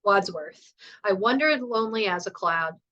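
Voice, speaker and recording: A woman voicing a calm older nanny who answers slowly and evenly, reciting lines of poetry. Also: mid-range voice, highs cut off, close to an everyday voice. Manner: slow, measured, unruffled.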